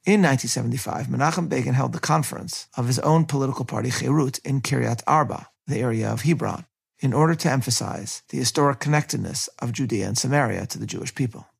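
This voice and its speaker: A man giving a scripted history narration in a measured way, reading quotations aloud as a lecturer. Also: mid-range voice, gravelly, husky.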